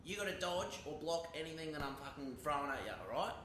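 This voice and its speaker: A man's voice: on the high side, fast talker, noisy background, natural voice. A man playing a brash, sweary Aussie mentor. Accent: Australian. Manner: swaggering, sweary, shouty pep talks. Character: brash, foul-mouthed male mentor who loves to fight. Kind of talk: roleplay in a video game.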